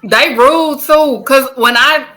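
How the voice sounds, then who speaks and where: A woman's voice: high voice, takes it slowly. A woman with a Southern American accent, co-hosting a podcast in casual chat, telling stories with animation and frequent laughs. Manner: animated storytelling, laughs often, swears casually. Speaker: podcast co-host.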